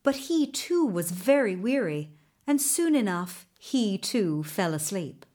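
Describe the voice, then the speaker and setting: A woman reads a children's fairy tale aloud in a gentle, measured manner. Her delivery is slow and unhurried, at a middling pitch. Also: sing-song. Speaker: storyteller. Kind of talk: storybook narration.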